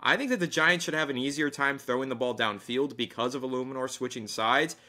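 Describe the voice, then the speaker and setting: Brief: male sports podcast co-host, bright forceful tone, enthusiastic casual football talk. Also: mid-range voice, fairly quick. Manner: enthusiastic, reads sponsor plug.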